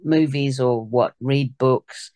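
A woman hosting a podcast interview, her voice hoarse and gruff, talking in a chatty way with asides. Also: a bass voice, slow pace, mellow. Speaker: podcast host.

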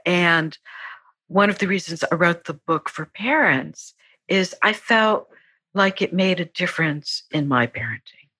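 A woman's voice: on the low side, animated, unhurried, husky, no room sound. A middle-aged woman, a psychologist and author, talking earnestly as a podcast guest. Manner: warm, earnest, acts out quoted voices. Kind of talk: podcast interview.

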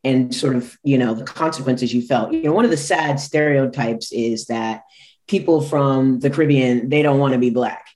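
A woman's voice: a bass voice, moderate pace. Woman host, reflective and affirming, conversational interview pace.

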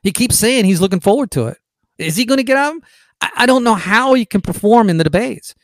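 A man's voice: high-pitched, lively intonation, fast talker, no echo. Emphatic opinionated male podcast host. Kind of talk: political commentary podcast.

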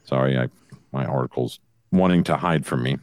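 A man co-hosting a podcast, reading news stories and tossing in deadpan puns. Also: rumbling low, a little fast, dry recording, clean studio sound. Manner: deadpan punning. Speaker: podcast co-host.

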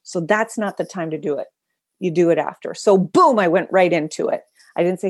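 Animated woman speaker, dry close sound. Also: on the low side, brisk, no room sound. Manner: animated, dramatic storytelling. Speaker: guest speaker. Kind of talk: interview storytelling.

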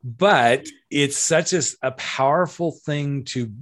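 A man's voice: a little high, slow. A man who works as a coming-out coach, chatting casually in a frank, rambling way that often breaks off mid-sentence. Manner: frank, rambling, self-interrupting. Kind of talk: casual podcast chat.

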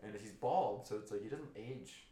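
A man's voice: fairly low pitch, moderate pace, warm tone. A man rambling and riffing through silly bits in casual comedy podcast banter, often giggling. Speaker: comedian guest. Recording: roomy echo, distant mic, faint hiss.

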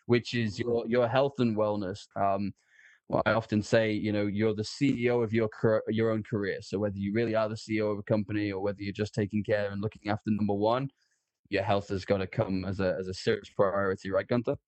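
A man's voice: fairly low pitch, flat delivery, a little fast, a little mellow, no echo. A man hosting a podcast interview, chatty and easygoing. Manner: chatty, easygoing, laughs along. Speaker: podcast host.

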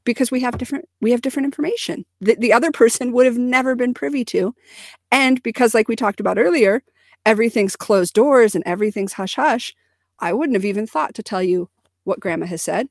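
A woman co-hosting a podcast, telling a family story in an earnest, animated way. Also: on the high side, fairly quick, dry recording, clean studio sound. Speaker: podcast co-host. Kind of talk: casual conversation.

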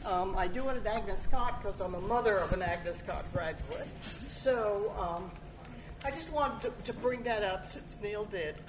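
A woman speaking at a teach-in, telling a story in a lively way and quoting others. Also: medium pitch, unhurried. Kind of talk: impromptu public remarks. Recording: echoey room with noise.

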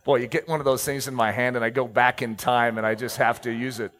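A middle-aged man preaching a sermon and reading scripture aloud, slowing down to stress key words, with joking asides to the congregation. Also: mid-range voice, little pitch movement, fairly bright tone. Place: church stage, handheld mic.

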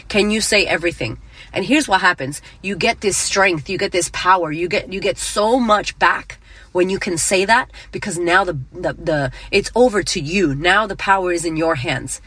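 A woman's voice: lowish voice, normal speed, sharp tone, husky, no room sound. Blunt, profane woman podcast host. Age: middle-aged. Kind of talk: motivational podcast monologue.

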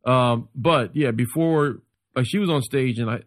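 A comedian on a podcast in casual chat, an animated storyteller who acts out what others said. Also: male voice, medium pitch, measured pace, dry recording, studio quality.

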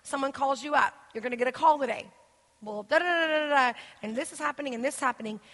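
A woman giving an interactive church teaching, animated and acting out the voices of the people she quotes. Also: high voice, quick pace, big-room sound. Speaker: guest speaker.

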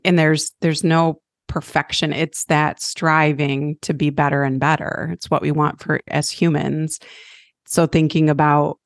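Female educator co-host, very low voice, measured and reflective, dry sound. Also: no echo. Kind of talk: reflective casual chat.

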